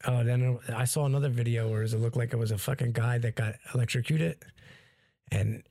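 A man's voice: medium pitch, a little fast, creaky, no echo. Profane storytelling man, dry sound. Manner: profane, animated storyteller, acts out voices. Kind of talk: casual storytelling chat.

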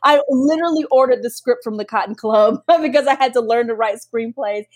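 A woman novelist talking casually about her writing process, animated, laughing often and restarting sentences. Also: a little high, fairly quick.

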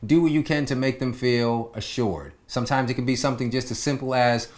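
A man hosting a relaxed relationship talk show. He chats easily with his guest, agrees often and sums up with calm advice. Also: mid-range voice, brisk. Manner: relaxed, advice-giving, with lots of agreeing "yeah". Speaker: podcast host. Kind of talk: casual chat.

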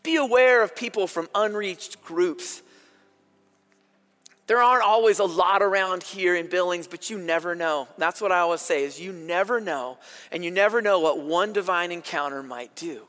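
A man preaches to a congregation, his voice sitting high for a man. He tells stories in an animated, chatty way. The sound carries a long reverb. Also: normal speed. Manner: storytelling, animated and conversational. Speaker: pastor. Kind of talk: sermon.

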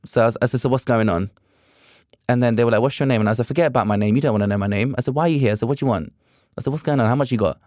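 Young guest, mid-pitched, animated raconteur voicing every line of dialogue, dry close sound. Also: male voice, racing, no room sound. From England. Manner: animated, acts out quoted dialogue. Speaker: podcast guest, drag performer. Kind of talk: casual storytelling chat.

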